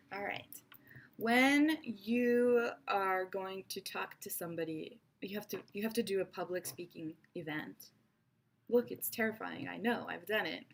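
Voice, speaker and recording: A woman giving an online English lesson in a lively, expressive, playful teacher's voice. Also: medium pitch.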